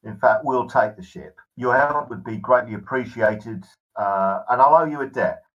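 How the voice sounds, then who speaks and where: A man voicing a gruff, blunt male pirate captain who talks roughly and drops his words. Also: mid-range voice, normal speed, fairly bright tone, distant mic, highs cut off, natural voice. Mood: persuasive.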